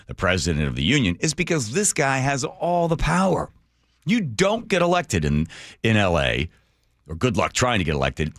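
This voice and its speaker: A man's voice: lowish voice, fairly bright tone, no echo. A man hosting a talk radio show, delivering sarcastic commentary full of mocking rhetorical questions into a studio microphone.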